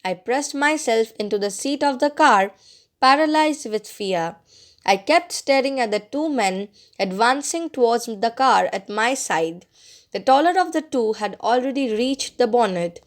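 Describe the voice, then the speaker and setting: Expressive woman reading an audiobook. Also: a little high. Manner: expressive, acts out dialogue. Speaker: audiobook reader. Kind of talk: audiobook narration.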